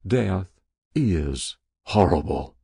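A man's voice: fairly low pitch, big pitch swings, a little slow, creaky, husky, no echo, studio quality, heavily acted. A man voicing a cold, impassive army general who gives curt orders in an audiobook reading. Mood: grave.

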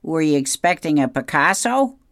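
A woman's voice: sits low, very animated, moderate pace, dry recording, studio quality, voice pushed up. A woman doing a blunt sloppy diner cook. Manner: blunt, offhand.

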